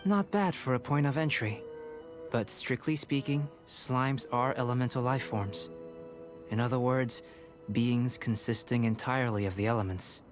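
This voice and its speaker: A man voicing a calm young male alchemist in a game, measured and lecturing. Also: mid-range voice, natural voice. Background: faint game music.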